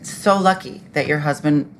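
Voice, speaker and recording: Low-voiced woman hosting a candid chat. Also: normal speed, a little hiss or hum. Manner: candid, laughs often, swears casually. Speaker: podcast host. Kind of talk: casual chat.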